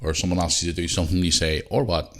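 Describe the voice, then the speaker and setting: A middle-aged man with a Northern Irish accent hosting a podcast, rambling and swearing, and growing heated and loud. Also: deep voice, steady tone, quick pace. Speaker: podcast host. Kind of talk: casual monologue.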